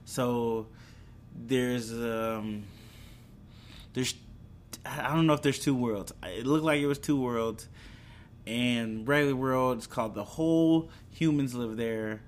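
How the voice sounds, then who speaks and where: A young man chats casually to his audience about what's coming out, drifting between thoughts with fillers and false starts. His voice sits at an ordinary middle pitch. A faint low rumble hums behind him. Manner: rambling, chatty, hesitant with fillers and restarts. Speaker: video host. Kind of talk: casual entertainment news chat.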